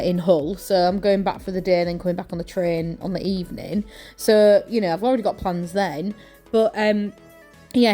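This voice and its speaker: Chatty East Yorkshire woman with soft music. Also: on the low side. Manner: chatty and rambling, many fillers and self-corrections. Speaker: journaling vlogger. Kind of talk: casual chat to camera while crafting. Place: at home.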